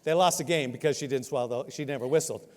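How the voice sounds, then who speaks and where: A man in his sixties preaching a sermon, telling a funny story with self-mocking humor and animated delivery. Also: medium pitch, quick pace. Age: 60s. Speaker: pastor. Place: church sanctuary. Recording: long hall reverb.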